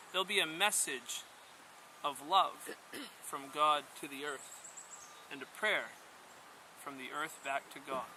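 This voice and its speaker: A man voicing a wise old female turtle who speaks slowly and solemnly in a storybook tale, outdoors with faint rural sound. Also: on the high side, sharp tone, slight background noise, full character voice, low-quality recording. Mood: prophetic.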